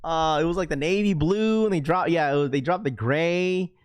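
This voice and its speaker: A man's voice: a little high, normal speed, clean tone. A young man hosting a livestream, chatting casually and rambling as he reads and answers viewers' comments. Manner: rambling, talks to chat, reads comments aloud. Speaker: livestream host.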